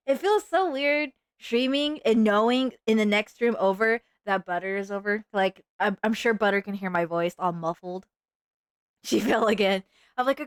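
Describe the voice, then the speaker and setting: A woman's voice: fairly high pitch, moderate pace, no room sound, clean studio sound. A woman chatting casually on a live stream, goofy and rambling, often poking fun at herself. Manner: goofy, rambling, self-mocking.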